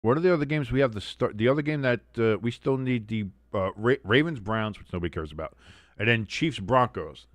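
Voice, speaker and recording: A man's voice: medium pitch, lively intonation, brisk, no room sound. Chatty, sarcastic man hosting a game stream. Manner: chatty and sarcastic, with mocking asides. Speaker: sports watch-along host. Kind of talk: casual live sports commentary.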